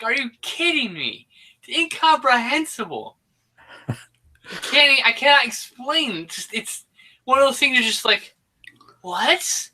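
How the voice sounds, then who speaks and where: Bright-voiced man riffing on a film. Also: extremely high pitch, a little slow, long pauses. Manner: animated, exasperated, mimics film lines. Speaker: podcast co-host. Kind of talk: casual movie commentary chat.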